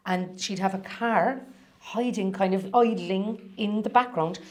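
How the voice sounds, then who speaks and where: A middle-aged woman with a Cork accent, chatting as a podcast guest and telling stories in quick, rambling bursts. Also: medium pitch, darkish tone. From Ireland. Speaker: guest singer-songwriter. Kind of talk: casual podcast interview.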